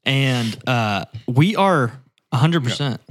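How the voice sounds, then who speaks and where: A man's voice: mid-range voice, lively intonation, slow pace. A young man from Northwest Arkansas co-hosting a casual podcast, teasing and quizzing his guest. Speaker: podcast co-host. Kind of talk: casual chat.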